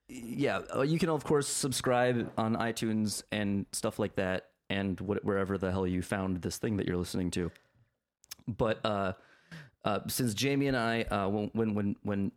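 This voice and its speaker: A man's voice: fairly low pitch, fairly even intonation, unhurried. A man hosting a podcast in casual chat, rambling with frequent restarts and fillers. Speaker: podcast host.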